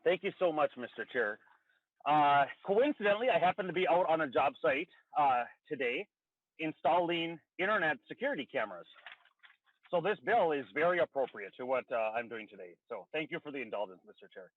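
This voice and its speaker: A man's voice: on the high side, animated, a little fast, no room sound. A man, a state legislator, presenting a bill by phone, out of breath and talking formally with many fillers. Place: outdoors near a car, then a quieter spot. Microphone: phone on a remote call. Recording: tinny dry phone line.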